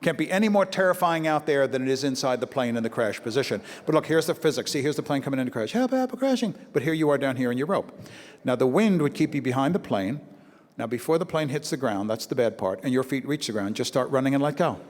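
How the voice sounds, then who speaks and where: A man from Brooklyn doing stand-up comedy to an audience, telling animated stories and slipping into acted-out voices. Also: mid-range voice, quick pace. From Brooklyn, New York. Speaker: comedian and motivational speaker. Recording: live hall with long reverb, faint ambience.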